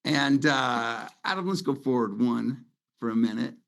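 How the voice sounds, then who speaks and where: A man's voice: medium pitch, animated, unhurried, creaky. A middle-aged man hosting a webinar over slides from his home office on a video call, talking in a loose, sentimental, rambling way. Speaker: webinar host. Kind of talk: casual presentation over slides.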